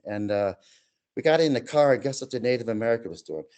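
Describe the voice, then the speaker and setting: A man telling his own eerie outdoor experiences to an interviewer, in an animated way that acts out the other people in the story. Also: mid-range voice, fast talker. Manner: animated, acts out quoted voices. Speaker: guest storyteller. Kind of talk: telling personal paranormal stories.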